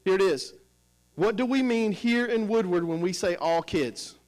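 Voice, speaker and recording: High-voiced man leading a staff workshop. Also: normal speed, poor audio. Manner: energetic, questioning, coaxing the audience. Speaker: professional development presenter. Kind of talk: teacher training workshop.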